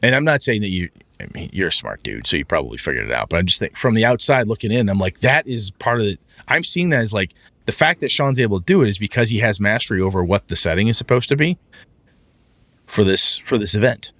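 A man chatting casually about running tabletop games, animated and profane, often acting out his players in a raised, excited voice. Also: fairly low pitch, fast, no room sound. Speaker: podcast co-host, game master.

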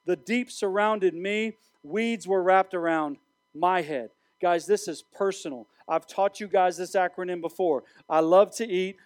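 A man preaching an animated sermon to students as their youth pastor, speaking straight to the room. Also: high-pitched, no room sound. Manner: animated preaching with direct address.

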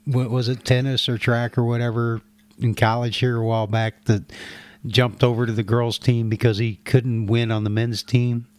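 A man's voice: medium pitch, little pitch movement, moderate pace, darkish tone, smooth, dry recording. A man co-hosting a crude, casual live chat, laughing often and joking.

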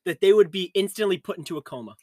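A man's voice: high-pitched, animated, racing, dark tone, dry recording. A man co-hosting a podcast in casual chat, joking and teasing as he steers the topic. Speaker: podcast co-host.

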